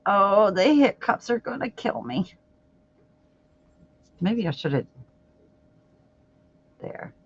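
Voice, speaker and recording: A woman's voice: medium pitch, very animated, slow, long pauses, husky. A woman hosting a crochet livestream, chatting casually and outspokenly as she works, laughing often. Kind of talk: casual chat while crocheting. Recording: dull lo-fi livestream audio.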